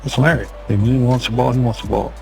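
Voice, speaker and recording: A man's voice: medium pitch, fairly even intonation, fast, gravelly, over music. A man who coached basketball, telling stories from his career in a plain-spoken way with chuckles. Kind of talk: recalled interview storytelling.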